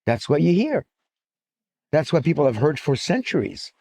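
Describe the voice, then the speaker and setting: A man speaking at a church conference in an animated, joking lecture style with frequent fillers. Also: on the high side, moderate pace, vocal fry. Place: church auditorium. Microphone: stand-mounted microphone.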